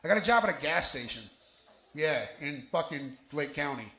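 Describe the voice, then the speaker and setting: This stand-up comedian from New Jersey has a fairly high, animated voice with a bright, forceful tone, delivered at normal speed. On a bar lounge stage he plays brash and profane, pulling the crowd into his punchlines, and the recording catches the roomy bar's crowd noise.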